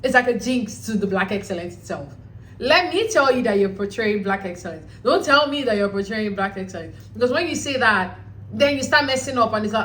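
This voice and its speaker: A woman hosting a reality show recap, talking casually in an animated, blunt way with some swearing. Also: medium pitch, brisk, rough recording.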